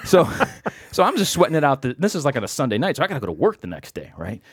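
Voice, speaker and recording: A man telling a long anecdote on a podcast, animated and acting out the other people's voices. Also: mid-range voice, fast, breathy edge, dry recording, studio quality. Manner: animated, acts out quoted voices. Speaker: podcast guest. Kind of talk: storytelling anecdote.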